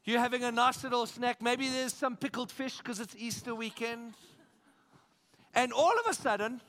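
South African male pastor, high-pitched and bright-toned, energetic sermon delivery with repetition and rhetorical questions. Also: normal speed. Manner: energetic, emphatic preaching with repeated phrases and audience questions. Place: church.

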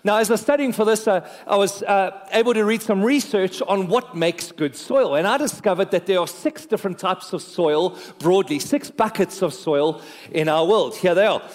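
A male pastor preaching a sermon in a lively, joking way, talking straight to his congregation. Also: sits high, moderate pace. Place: church. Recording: long reverb of a church hall.

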